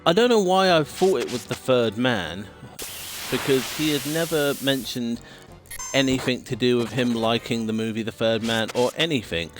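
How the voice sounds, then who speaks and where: A man's voice: mid-range voice, normal speed, music in the background. A British man streaming a game and chatting casually in a rambling way, swearing now and then and mimicking sound clips. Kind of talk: casual chat while gaming.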